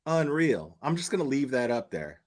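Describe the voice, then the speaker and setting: A man streams his reaction commentary in a mid-pitched voice, mocking and sarcastic. He swears freely and talks to his chat as he goes. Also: big pitch swings, normal speed.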